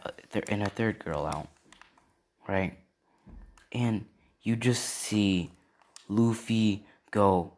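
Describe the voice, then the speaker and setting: A man's voice: fairly low pitch, a little mellow. A man casually improvising a fan story, rambling along with lots of filler and checking in with the listener. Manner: rambling, many "and yeah" and "right?" fillers.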